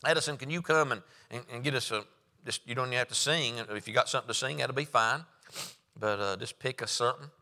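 Bright, emphatic preacher man in a hall. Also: medium pitch, fast. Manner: folksy storytelling with loud emphatic rises. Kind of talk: sermon.

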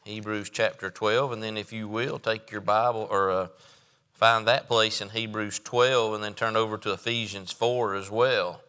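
A man's voice: on the low side, steady tone, moderate pace, sharp tone, clean tone. A man preaching a sermon as pastor, in a folksy, joking manner with frequent fillers. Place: church sanctuary. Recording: reverberant church sanctuary.

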